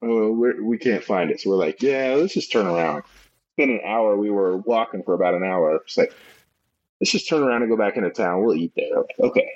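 A man's voice: lowish voice, lively intonation, brisk, a little mellow. A man chatting casually as co-host, laughing easily and telling a travel story. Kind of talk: casual chat. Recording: dull lo-fi sound.

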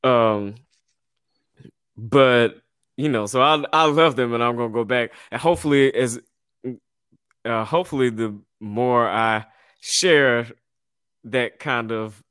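A man's voice: medium pitch, takes it slowly, pauses often, a bit bright, clear, resonant tone, dry recording, clean studio sound. Laid-back, slangy male podcast host. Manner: laid-back storyteller, slangy, laughs often, many restarts. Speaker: podcast host and business owner. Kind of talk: casual podcast chat.

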